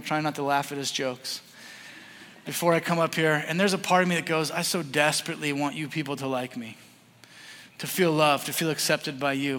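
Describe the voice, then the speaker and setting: Male pastor, 30s, high bright voice, earnest sermon delivery that rises loud and drops to a hush; reverberant hall. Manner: earnest, animated, swings from loud to hushed.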